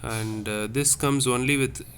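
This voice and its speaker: Male language teacher, slow and repetitive, mid pitch, faint room noise. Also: steady tone, fairly bright tone. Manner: slow, repetitive, checks with "okay?". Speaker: French teacher. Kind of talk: classroom lesson.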